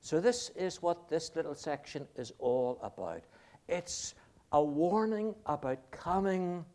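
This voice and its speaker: A middle-aged man preaching a sermon, slow and deliberate, drawing out key words for emphasis. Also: on the high side, a little mellow.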